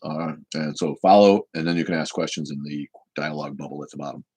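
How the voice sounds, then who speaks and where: A very low, husky man in his fifties. He hosts a casual live Q&A, answering bluntly and swearing freely. His voice sits at the deep bottom of the range. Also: fast talker, a little mellow. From United States. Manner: blunt, profane, opinionated. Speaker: show host. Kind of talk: live-stream Q&A chat.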